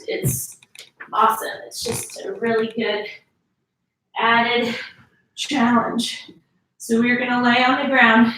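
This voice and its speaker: Bright-voiced woman coaching a workout. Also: a little high, heavy reverb, distant mic, slight background noise, low-quality recording. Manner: coaching, counts reps, urges squeezing. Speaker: fitness instructor. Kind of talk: workout instruction.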